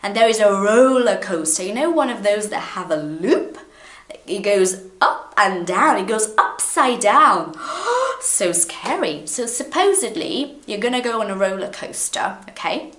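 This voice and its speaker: A woman whose first language is Portuguese gives an English pronunciation lesson, unhurried and animated. She drags out each word and repeats it to demonstrate, playful throughout. Her voice carries a noticeable room echo. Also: mid-range voice. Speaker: English teacher. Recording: echoey room.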